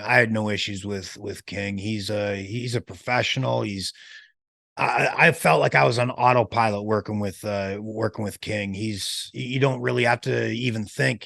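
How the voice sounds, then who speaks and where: A man being interviewed as a former pro wrestler, telling stories in a lively way, acting out quotes and laughing as he goes. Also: medium pitch, gravelly. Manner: animated storyteller who acts out quotes and laughs. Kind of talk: casual storytelling interview.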